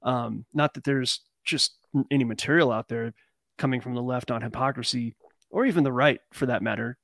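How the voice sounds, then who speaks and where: A man's voice: medium pitch, moderate pace, vocal fry, a bit bright, dry recording, clean studio sound. Rambling man chatting on a podcast. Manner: rambling, loose commentary with fillers. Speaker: podcast guest. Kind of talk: casual live chat.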